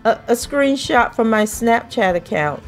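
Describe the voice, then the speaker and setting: A woman's voice: fairly high pitch, expressive, measured pace, pitched above the performer's own voice. A young woman on the stand gives short, slightly raised replies, as a woman reads her part from a transcript. She sounds guarded. Faint music sits behind her. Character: young woman witness answering under questioning.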